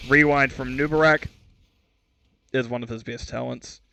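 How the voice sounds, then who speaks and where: A man's voice: mid-range voice, fairly even intonation, moderate pace, gravelly, sharp tone, a little hiss or hum. A man calling a video game match alone, in a mid-range voice. He talks in a chatty, joking way and stumbles over names before correcting himself. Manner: chatty, self-mocking, trips over names. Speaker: esports caster. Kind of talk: solo game commentary.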